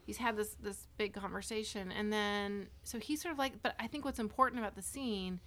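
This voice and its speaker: A woman's voice: mid-range voice, steady tone, a little fast, fairly bright tone. A woman co-hosting a casual movie podcast, enthusiastically retelling scenes in detail. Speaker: podcast co-host.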